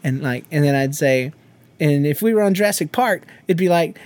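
A man's voice: a little high, expressive, normal speed, a little mellow, no room sound. A man, co-hosting a casual podcast and telling stories, acting out quotes and laughing often. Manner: laughing storyteller who acts out quotes and sings nonsense beats. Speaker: podcast co-host. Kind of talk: casual chat.

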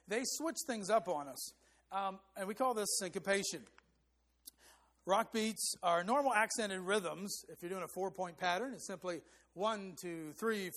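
A man with a fairly high voice delivers a sermon. He speaks emphatically and now and then sings short hymn phrases to demonstrate a rhythm. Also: fairly bright tone. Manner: emphatic, rising for stress. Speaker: preacher.

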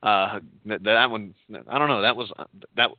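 A man's voice: on the low side, normal speed, no echo. A man from Texas hosting a casual wrestling recap, talking in a rambling way with lots of fillers and restarts. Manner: rambling, filler-heavy, self-correcting. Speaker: podcast host. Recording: tinny phone-like line.

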